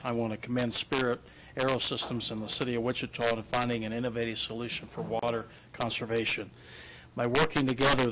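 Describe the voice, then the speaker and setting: A man's voice: mid-range voice, a bit bright, poor audio. Formal man reading a statement. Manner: formal, read-out delivery. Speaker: chamber of commerce president. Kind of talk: prepared public statement. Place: council chamber.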